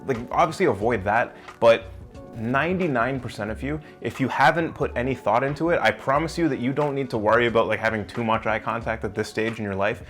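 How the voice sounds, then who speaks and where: A man's voice: mid-range voice, a little fast, a bit bright, faint music behind. A young man giving blunt, emphatic advice in a casual vlog, talking straight to the viewer and swearing now and then. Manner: talks directly to the viewer in a coaching way. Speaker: self-improvement vlogger.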